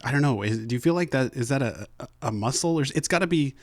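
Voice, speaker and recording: A man's voice: mid-range voice, animated, no room sound. Male interviewer, fumbles toward his questions; dry, close recording. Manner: halting, searching questions with many restarts.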